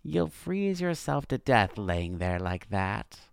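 A man's voice: on the low side, very animated, slow, vocal fry, smooth, dry recording, clean studio sound, full character voice. A man voicing a scheming demon uncle who coaxes sweetly and then commands coldly. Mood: coaxing. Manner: sweetly coaxing, turning cold and commanding. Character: scheming male demon uncle, coaxing and stern.

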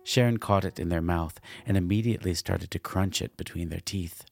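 A man narrating a dark fantasy story in a slow, measured way. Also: low voice, vocal fry.

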